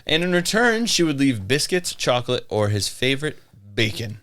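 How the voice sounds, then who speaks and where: A man's voice: mid-range voice, very animated, normal speed, fairly bright tone. A man co-hosting a podcast, telling a strange story in casual chat, joking and laughing often. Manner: laughs often, jokey, playful voices for quotes. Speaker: podcast co-host.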